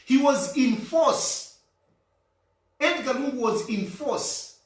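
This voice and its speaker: A man's voice: very high voice, lively intonation, takes it slowly, far from the mic. Insistent Zambian man in an echoey room. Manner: insistent, repeats points for emphasis. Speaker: political commentator. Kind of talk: argumentative monologue.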